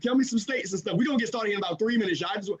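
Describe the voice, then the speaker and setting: High-pitched, fast-talking hype man. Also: a loud crowd, poor audio. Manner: energetic, repetitive, call-and-response hype. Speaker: host of a live video call. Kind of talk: hyped-up live call hosting. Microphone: computer mic on a video call.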